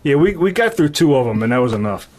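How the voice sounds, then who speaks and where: A man's voice: fairly high pitch, sing-song, fast talker, background noise. A man co-hosting a podcast in casual chat, laid-back and profane. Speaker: podcast co-host.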